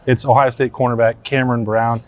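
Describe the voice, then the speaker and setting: A man's voice: medium pitch, level tone, brisk. A man hosting a sports podcast, upbeat and joking, asking long rambling questions. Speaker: podcast host. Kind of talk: casual sports podcast chat.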